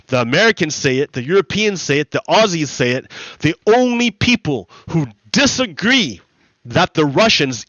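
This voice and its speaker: A man's voice: on the high side, fairly bright tone, no room sound, muffled recording. A man streaming a game while talking casually, rambling, repeating himself and laughing as he goes. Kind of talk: casual livestream commentary.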